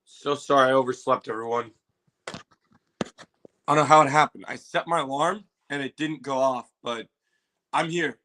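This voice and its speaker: A man hosting a casual livestream, chatting to viewers, repeating himself and bursting into loud exclamations and swearing. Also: medium pitch, normal speed, pauses often. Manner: excitable, exclaims and swears loudly. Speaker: livestream host reacting to a trailer.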